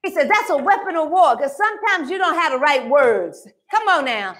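A woman pastor preaching a sermon in a church, animated and full of call-and-response. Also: sits high, normal speed. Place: church sanctuary.

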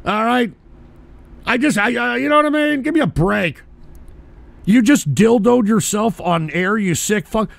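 A man hosting a live stream, ranting in a profane, combative way with sarcastic asides and sudden bursts of shouting. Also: high-pitched, measured pace, vocal fry, no room sound.

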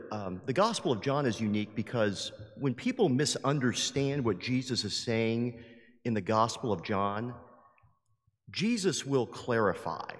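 Priest giving a homily, emphatic and animated, mid-range voice, long echoing church hall. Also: male voice, mid-range voice. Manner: lively, emphatic, acts out quoted voices. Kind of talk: sermon. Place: large church. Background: long hall reverb.

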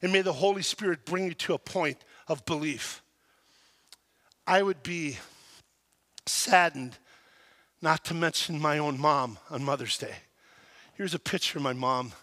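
A man in his sixties preaching a sermon as pastor, telling stories in an animated way and shouting at the high points. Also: unhurried, long pauses. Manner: animated storytelling, shouting at peaks. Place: church sanctuary. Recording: long hall reverb.

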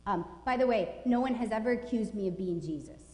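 A woman's voice: medium pitch, expressive, a little fast, dark tone. A woman pastor in her forties delivers a sermon with emphatic, informal conviction. Her voice carries through a roomy church with a long, lingering reverb. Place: church sanctuary.

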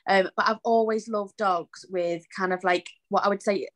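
An English woman guest chatting gently, with fillers. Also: medium pitch, steady tone, normal speed. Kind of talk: casual chat.

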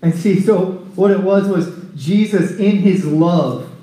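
A man preaching a conversational sermon at a recovery ministry, telling scripture stories in an animated way. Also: high voice, takes it slowly. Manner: animated storytelling, acting out scripture scenes. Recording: echoey room.

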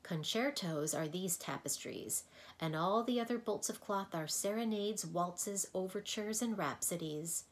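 A woman's voice: mid-range voice, measured pace, natural voice. A woman voicing a prim, stubborn woman who keeps sounds, in a storybook read-aloud. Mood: cheerful. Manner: prim, bossy.

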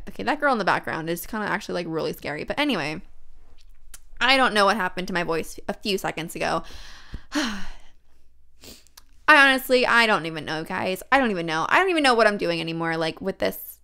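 A young woman with a stuffy nose from a cold, chatting excitedly and casually as she comments on her gameplay. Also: mid-range voice, vocal fry, smooth. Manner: chatty, excitable, many fillers. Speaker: let's play host.

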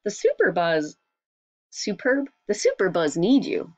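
A woman's voice: medium pitch, wildly swooping pitch, unhurried, darkish tone, no echo, heavily acted. A woman voicing an eager, determined young boy who talks earnestly. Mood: urgent.

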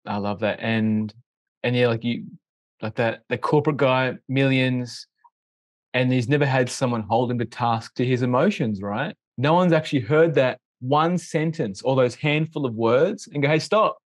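A man's voice: medium pitch, moderate pace. A man hosting a casual podcast, laid-back and blunt, with crude jokes.

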